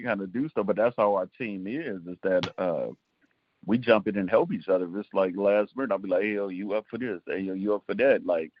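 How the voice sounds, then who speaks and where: Pria bersuara rendah, bercerita santai. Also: male voice, lowish voice, no echo, highs cut off. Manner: rambling, storytelling with filler words. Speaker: filmmaker guest. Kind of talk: casual interview chat.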